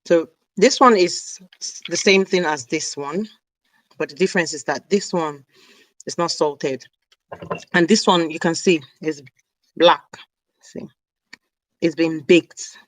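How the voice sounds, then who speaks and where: A woman's voice: deep voice, slow, long pauses, dry recording, low-quality recording. A woman chatting casually on a live stream, rambling and snacking as she talks. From Nigeria (South South). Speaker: hair care vlogger. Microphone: camera mic on a live stream.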